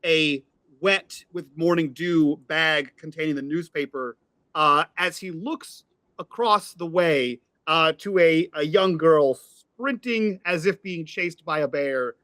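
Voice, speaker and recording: Male game master, bright and dry, a bit high, descriptive with filler words. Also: takes it slowly, no echo. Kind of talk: narrating a tabletop game.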